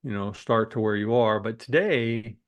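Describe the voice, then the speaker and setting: A man hosting an interview who asks questions in a halting way, full of fillers. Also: fairly low pitch, dull audio. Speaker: host, interviewer.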